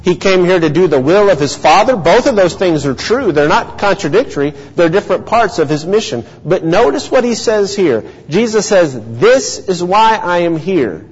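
Husky-voiced preacher in a reverberant hall. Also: male voice, high voice, very animated. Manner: earnest, measured teaching with rhetorical questions. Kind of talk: sermon. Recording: dull lo-fi audio with long hall reverb.

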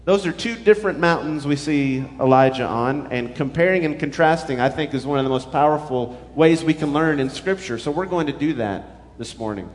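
Pastor, male, slightly high voice, earnest sermon delivery, big church reverb. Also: animated, normal speed. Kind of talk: sermon with scripture reading.

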